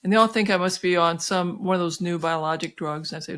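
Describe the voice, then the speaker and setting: This woman in her sixties has a lowish voice and talks a little fast with few pauses. A physician guest in an interview, she tells a personal story with many restarts and fillers, animating it by performing quoted voices.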